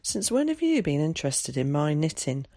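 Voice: medium pitch, sing-song, normal speed, dark tone, no echo, clean studio sound. A reader voicing a chatty, nosy middle-aged village woman speaking in rural dialect, in an audiobook. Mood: gossipy. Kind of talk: audiobook character voice.

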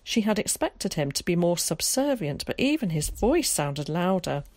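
Calm, low-pitched woman narrator. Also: no echo. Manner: calm, measured. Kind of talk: audiobook narration.

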